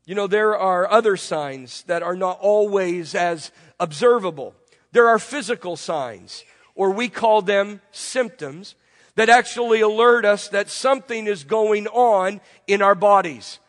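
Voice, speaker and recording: A man delivers a sermon in a congested, fairly high voice, throwing rhetorical questions at his listeners and stacking repeated phrases. His words trail off into a long reverb. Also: unhurried. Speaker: pastor. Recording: long reverb from a large room.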